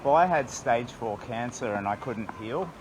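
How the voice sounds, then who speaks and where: A man's voice: medium pitch, lively intonation, moderate pace. An Australian man chatting and joking cheerfully while he walks along a town street and greets locals, recorded on a camera strapped to his chest. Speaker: charity walker greeting locals. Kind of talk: casual chat while walking. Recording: street noise.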